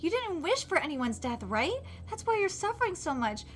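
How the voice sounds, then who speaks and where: A woman's voice: extremely high pitch, sing-song, normal speed. A woman reading aloud the lines of a carefree, cocky young male detective in a breezy, self-assured way, close to her own voice. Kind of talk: reading manga dialogue aloud.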